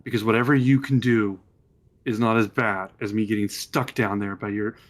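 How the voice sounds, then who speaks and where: A man's voice: fairly low pitch, fairly even intonation, normal speed, lightly acted. A man voicing a hardened woman prisoner in a tabletop game, talking bluntly and swearing. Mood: defiant. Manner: blunt, profane and defiant.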